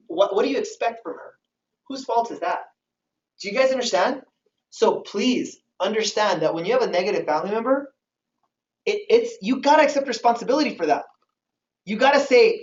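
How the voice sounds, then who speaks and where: A man leads a motivational training session, speaking with lively energy and repeatedly quizzing his audience. He is heard from a distance in a roomy hall, and the recording sounds a little dull. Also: high voice, brisk. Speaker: sales trainer.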